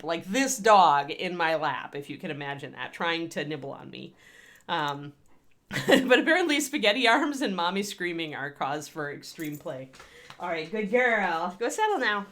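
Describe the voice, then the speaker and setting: Giggly, animated woman hosting a livestream. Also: mid-range voice. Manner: chatty and giggly, rambling with restarts. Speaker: host of a miniature painting livestream. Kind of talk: casual livestream chat.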